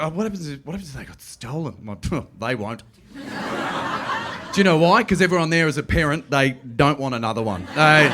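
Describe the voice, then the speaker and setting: A middle-aged man with an Australian accent doing a stand-up comedy routine, telling stories quickly and slipping into playful voices. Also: a little high. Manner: animated, quick storytelling with playful put-on voices. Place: comedy club stage.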